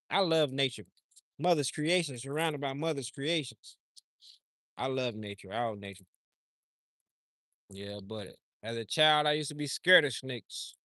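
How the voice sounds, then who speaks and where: A man's voice: mid-range voice, a little slow, long pauses, bright, forceful tone, no room sound, clean studio sound. A man livestreaming outdoors, talking in a loose, rambling, slangy way and often repeating himself. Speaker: livestream host. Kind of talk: casual rambling chat.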